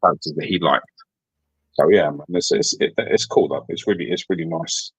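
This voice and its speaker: A man's voice: sits low, brisk, breathy edge, dry recording, rough recording. A man co-hosting a podcast in casual chat, rambling and repeating words, with the odd swear. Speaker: podcast co-host.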